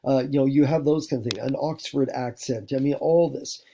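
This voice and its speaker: Rambling gravelly-voiced male teacher. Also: medium pitch, normal speed, mellow, slight background noise. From United States. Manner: rambling, many fillers and restarts. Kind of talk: recorded classroom lecture.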